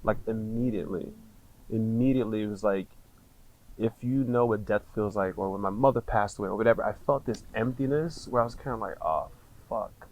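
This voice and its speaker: Casual, cursing man with a lowish voice. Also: brisk, a little mellow, low-quality recording. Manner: casual and slangy, swears freely, hesitant restarts. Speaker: podcast guest. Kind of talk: candid personal storytelling in conversation.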